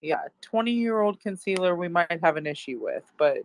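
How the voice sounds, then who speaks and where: A woman co-hosting a casual beauty chat, friendly and quick to laugh. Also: lowish voice, animated, slight background noise. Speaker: guest co-host. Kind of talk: casual chat on a live audio room.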